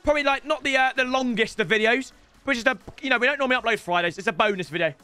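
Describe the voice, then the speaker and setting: A young man giving excitable commentary on his own football video game matches, with shouting outbursts and joking banter. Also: very high-pitched, racing, clear, resonant tone, faint music behind. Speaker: gaming YouTuber.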